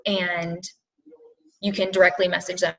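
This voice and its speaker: A woman's voice: lowish voice, level tone, measured pace, a bit bright, distant mic. A woman coaching her team on a video call in casual motivational talk, earnest and full of fillers, repeating her points for emphasis. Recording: dull lo-fi video call audio.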